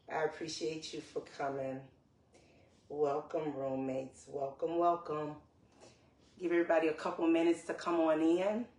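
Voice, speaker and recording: A woman's voice: low voice, darkish tone. A woman hosting a live podcast stream, greeting viewers by name in an upbeat, chatty way. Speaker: podcast host. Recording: roomy echo, voice far from the mic.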